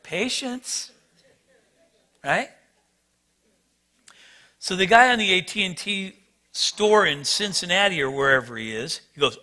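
Animated, bright-voiced male pastor. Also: high-pitched, a little slow, pauses often. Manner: animated, self-mocking storyteller. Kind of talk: sermon storytelling.

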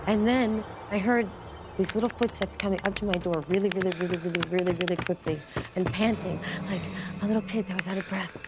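A woman in a documentary interview, earnestly recounting a ghostly experience in a hushed, suspenseful way. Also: medium pitch, fairly even intonation, quick pace, noisy background. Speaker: celebrity guest telling a ghost story.

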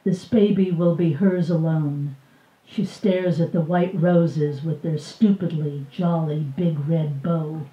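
Older woman reading her memoir aloud. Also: sits low. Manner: measured, expressive reading with voiced dialogue. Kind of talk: live book reading. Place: bookstore reading event. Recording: roomy, distant, dull live recording.

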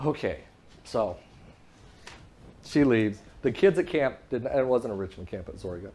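A public speaker with a mid-range voice tells a lively story during a talk, acting out both sides of a phone call. He often laughs and pauses for the audience.

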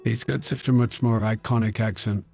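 A man's voice: mid-range voice, steady tone, normal speed, vocal fry, a little mellow, faint music behind, pitched below the performer's own voice. A man with a Yorkshire accent using an AI voice changer to voice a rambling, forgetful old American politician while commentating a game. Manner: mumbly, meandering. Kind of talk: gaming commentary in a put-on voice.

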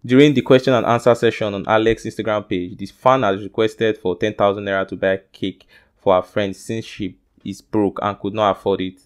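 A man's voice: on the low side, steady tone, fairly quick, smooth. A man with a Nigerian accent who hosts a gossip news vlog, reading the stories casually and putting questions to his viewers. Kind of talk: reading celebrity news to camera.

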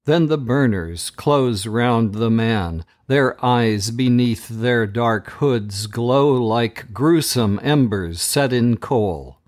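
A man reads a storybook chapter aloud for his podcast listeners. He takes his time, with a slow and deliberate pace and a mid-range voice. His reading is dramatic and measured. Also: medium pitch, a little mellow.

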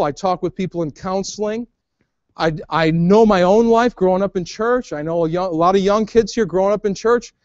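A man preaching in church with a very high-pitched voice, folksy and plain-spoken, with words that often repeat and restart. The recording is dry and a little muffled. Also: dry recording. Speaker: pastor. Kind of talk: evangelical sermon. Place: church sanctuary.

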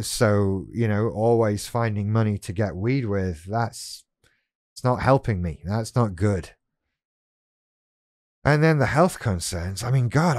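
Low-voiced man musing frankly at his desk. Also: no room sound, studio quality. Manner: thinking aloud, frank, self-questioning. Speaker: vlogger talking about BPD. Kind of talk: candid reflective monologue. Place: sitting at his desk at home.

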